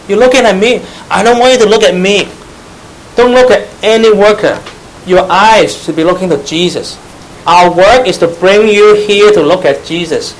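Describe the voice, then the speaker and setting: A man with a Chinese accent, Mandarin his first tongue, preaches a Bible study sermon in emphatic, earnest English. His voice sits a little high for a man, and he speaks directly to his listeners. A faint hiss runs under the recording. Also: low-quality recording.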